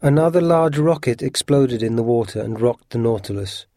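A man narrates a storybook in the first person, steady and earnest. His voice is mellow and the recording close and dry. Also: mid-range voice, moderate pace, dry recording.

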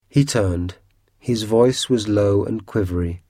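A man narrating a storybook aloud in a calm, measured way. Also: lowish voice, dry recording, studio quality. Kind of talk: storybook reading.

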